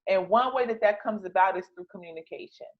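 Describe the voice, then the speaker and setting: A woman's voice: medium pitch, quick pace, lo-fi sound. A woman explaining classroom teaching methods to other educators, in a chatty way with many fillers and restarts. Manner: conversational, many fillers and restarts, repeats key words. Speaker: teacher trainer. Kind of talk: instructional talk.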